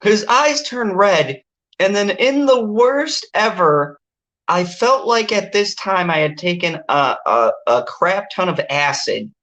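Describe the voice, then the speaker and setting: A woman hosting a casual movie review chat, ranting and swearing in exasperation. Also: slow pace. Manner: exasperated, swearing, ranting with animated pitch jumps.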